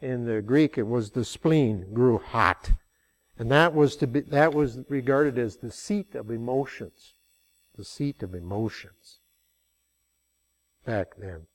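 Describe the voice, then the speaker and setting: A man's voice: medium pitch, slow pace. An older man preaching a sermon, telling stories in a folksy way and rising into emphatic passages.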